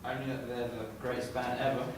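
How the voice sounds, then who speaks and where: An actor playing a shy, hesitant young exchange student in a staged reading recorded echoey and from a distance. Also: male voice, mid-range voice, level tone, a little fast, crowd noise, natural voice. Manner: hesitant, awkward. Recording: echoey room from far off.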